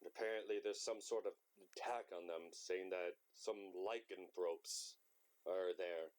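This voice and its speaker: A man voicing a gruff trapper in a tabletop game. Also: deep voice, fairly even intonation, a little slow. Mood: wary. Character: gruff large male trapper, wary. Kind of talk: in-character tabletop role-play.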